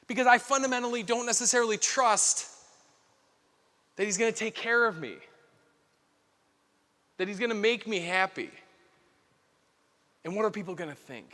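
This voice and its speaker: Guy in his 30s giving a keynote, chatty and earnest, lots of likes and kindas, sharp bright tone, long echo from a big hall. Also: high-pitched, moderate pace, long pauses. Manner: earnest, conversational, filler-heavy. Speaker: keynote speaker. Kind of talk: conference keynote talk. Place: large hall.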